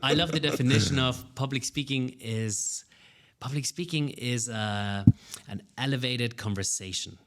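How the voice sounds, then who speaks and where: A man's voice: mid-range voice, normal speed, heavy background noise. A man who coaches public speaking, answering interview questions with energy and often repeating words as he starts a sentence.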